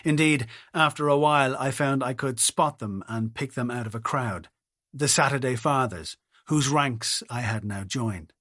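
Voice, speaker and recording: A man's voice: medium pitch, measured pace, a bit bright, no room sound. Brief: middle-aged man, first-person audiobook read, wry and understated, dry close sound. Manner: wry, dry-humoured storytelling. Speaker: audiobook narrator.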